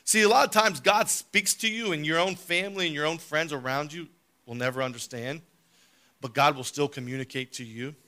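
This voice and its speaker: A man preaching a sermon, telling a family story, then reading scripture aloud with big swings from soft to loud. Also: fairly high pitch, brisk.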